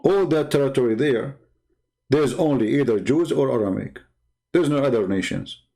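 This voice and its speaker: A man of middle pitch delivers a heated polemical monologue. His tone is mocking and combative, and it climbs into loud, indignant outbursts as he argues. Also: lively intonation, moderate pace, creaky. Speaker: religion critic answering viewers.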